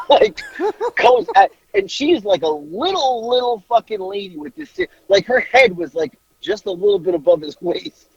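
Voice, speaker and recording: Husky, animated man telling a story. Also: high-pitched, moderate pace, no echo. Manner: animated, swears freely, laughs through the story. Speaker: podcast co-host. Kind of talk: casual storytelling. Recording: dry, slightly dull recording.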